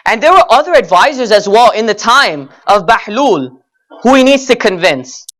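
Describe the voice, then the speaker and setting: A man's voice: high voice, very animated, moderate pace, a bit bright. Earnest male preacher telling stories. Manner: earnest, addresses "brothers and sisters", frequent "you know". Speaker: speaker at a Muharram gathering. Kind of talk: sermon with storytelling.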